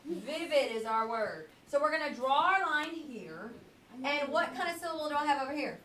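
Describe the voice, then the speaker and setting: High-voiced woman teacher in an echoey classroom. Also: lively intonation, a bit bright. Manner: patient, questioning, drawn-out word modelling. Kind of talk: classroom phonics lesson. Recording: echoey classroom from a distance with faint hiss.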